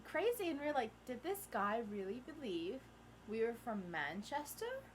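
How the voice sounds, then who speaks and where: A woman's voice: a little high, normal speed, a little hiss or hum. A teenage girl vlogging, telling a story in casual chat and acting out the people in it. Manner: animated, acts out the people in the story.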